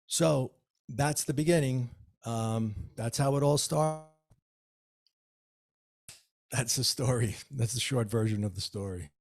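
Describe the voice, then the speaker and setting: A man, an author guest, telling a personal story in an interview with lively, acted-out dialogue. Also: mid-range voice, slow, creaky, long pauses. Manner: animated storyteller, acts out dialogue.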